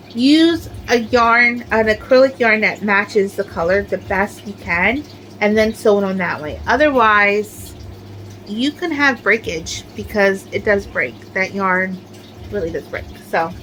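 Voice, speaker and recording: Chatty higher-voiced woman crafter. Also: fairly bright tone, slight background noise, poor audio. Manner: chatty, rambling, many "like" fillers. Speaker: crochet crafter showing her amigurumi. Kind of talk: casual show-and-tell chat.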